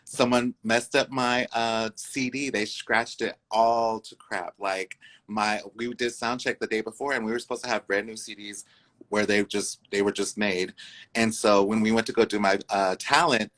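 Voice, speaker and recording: A Two-Spirit speaker with a bright, forceful tone and a voice in the usual middle range. The story comes out as lively chat, with quoted voices acted out and leaps up high for each punchline. It sounds like a casual interview among friends. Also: normal speed, low-quality recording. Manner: animated, acts out quoted voices; uses many fillers and "I was like". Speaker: guest, incoming co-host.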